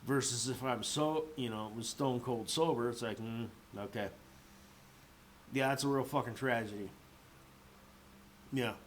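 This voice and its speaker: Medium in pitch and a little slow, a man vlogger rambles through a rant with long pauses. He's a bit drunk, and his speech is loose, profane and full of fillers, with faint noise in the background.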